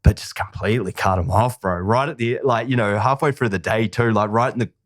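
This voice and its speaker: A man's voice: fairly low pitch, a little fast, no echo, clean studio sound. A man hosting a podcast, telling rambling, slangy anecdotes in casual chat. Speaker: podcast host.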